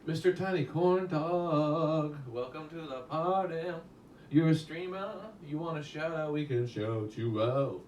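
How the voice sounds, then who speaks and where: A man voicing an overly friendly, drawling man who welcomes a stranger, his speech slow, drawn out and pitched up. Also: a little mellow, close to an everyday voice. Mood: jovial. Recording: roomy echo, mic at a distance, faint background hum.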